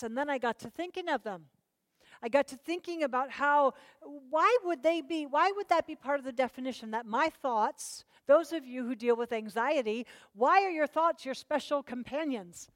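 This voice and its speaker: A woman teaches a Bible study, her fairly high voice lively as she presses the class with questions. The sound is dry and close, with no room around it. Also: normal speed, no room sound. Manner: animated, questions the class, prods them to answer.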